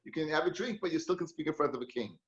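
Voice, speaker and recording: A man teaches a Talmud class in a chatty, storytelling way, mixing Hebrew and Yiddish words into his English. His voice sits fairly high. The recording sounds dull and lo-fi. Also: very fast, reverberant.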